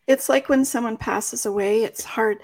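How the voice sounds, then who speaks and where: Woman interviewer, somewhat high and breathy, casual and hesitant. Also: normal speed. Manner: thinks aloud, hesitant restarts.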